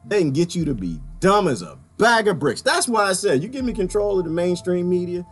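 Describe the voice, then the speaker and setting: A man doing a stand-up comedy routine, talking to the audience and acting out voices in an animated way. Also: high voice, a little fast, husky, soft background music. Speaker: stand-up comic.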